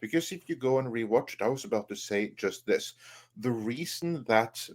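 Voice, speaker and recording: A man's voice: mid-range voice, animated, moderate pace. Hesitant male podcast moderator. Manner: hesitant, many fillers, puts questions to the panel. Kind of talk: casual panel chat.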